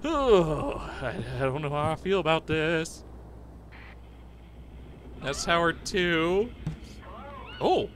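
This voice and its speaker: A young man hosting a let's play of a horror game, excitable and jumpy, yelping and chattering to viewers. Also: on the high side, slow pace, long pauses, a little hiss or hum. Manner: excitable, jumpy, laughs and yelps often. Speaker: gaming channel host.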